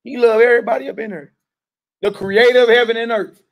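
High-voiced man preaching emphatically. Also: fairly even intonation, fast. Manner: emphatic, urging the listeners directly. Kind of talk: street-style sermon with call and response.

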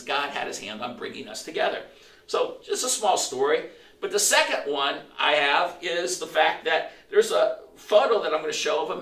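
A middle-aged male pastor preaching in a church with a forceful, slightly high voice. He tells stories in an animated way, breaking into quoted lines and restarting his phrases. The sound is roomy and echoing, picked up from some distance. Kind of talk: sermon storytelling. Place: church sanctuary.

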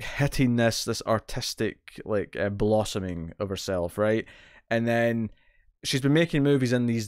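A man's voice: lowish voice, smooth, no room sound, clean studio sound. A British man co-hosting a TV recap podcast, retelling plot details in a rambling, casual way with many restarts. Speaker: podcast co-host.

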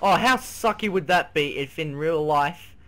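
Unhurried and fairly high in pitch, a male gaming video creator narrates a horror game in a loose let's play style. He gets excitable, swears, and yelps or shouts at the scares. Between frights he sings and hums to himself.

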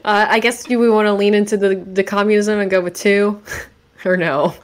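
A woman's voice: mid-range voice, fairly even intonation, normal speed. A young woman streaming a game with friends, laid-back and laughing often. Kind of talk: casual chat.

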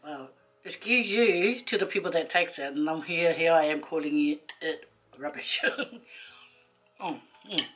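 Chatty woman, low voice. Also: unhurried, a bit bright, rough recording. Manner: chatty, rambling, laughs often. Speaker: vlogger. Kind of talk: casual storytelling to camera.

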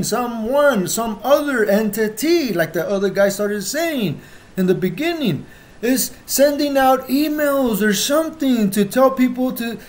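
A channel host with a mid-range voice addresses viewers directly in a heated, swear-filled monologue. The emotional delivery breaks into sudden loud outbursts and then slows into heavily stressed lines.

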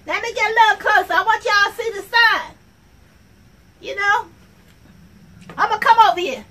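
Sassy high-voiced woman, far from mic. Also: expressive, normal speed, pauses often, sharp tone. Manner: sassy, repetitive, addresses the audience directly. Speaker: comedy sketch performer. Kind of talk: comic monologue in character as an office worker. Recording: voice from far off the mic, faint ambience.

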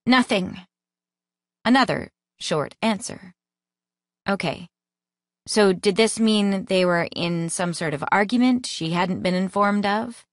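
A woman narrating an audiobook in a lively, expressive reading voice, close to the mic. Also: medium pitch, unhurried, dry recording. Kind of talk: scripted narration.

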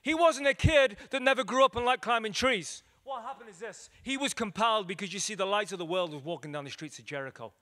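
A man preaches to a church gathering, his voice sitting a little high for a man. He tells stories with lively energy, slipping into the voices of the people in them. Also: quick pace, few pauses. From Liverpool, England. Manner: animated storyteller acting out dialogue. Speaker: evangelist preacher. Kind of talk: storytelling evangelistic sermon. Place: church meeting room with audience.

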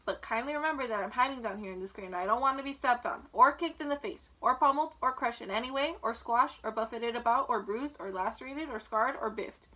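A woman's voice: a little high, a little fast, hardly any pauses, bright, forceful tone. A woman reading as a fussy grumbling rat. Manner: fussy, complaining, long lists. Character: grumpy selfish male rat.

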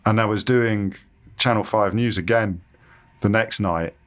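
A man with a lowish voice, chatting through his career stories. He is self-deprecating and lively, slipping into other people's voices as he quotes them. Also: measured pace. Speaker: interviewee, radio presenter. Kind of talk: casual interview storytelling.

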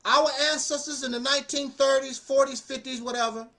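A man giving casual spoken commentary as a channel host, animated and preachy, often laughing and repeating phrases. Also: very high voice, a little fast, vocal fry.

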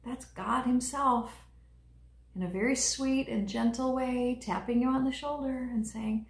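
A woman leading a children's liturgy, teaching young kids in a gentle, encouraging way and speaking right to them. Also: fairly high pitch, fairly even intonation, measured pace, vocal fry, echoey room.

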